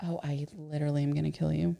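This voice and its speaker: A woman's voice: sits low, little pitch movement, fast talker, gravelly, dark tone. A woman co-hosting a casual livestream, chatty and teasing, reading out viewer comments and laughing easily. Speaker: livestream co-host.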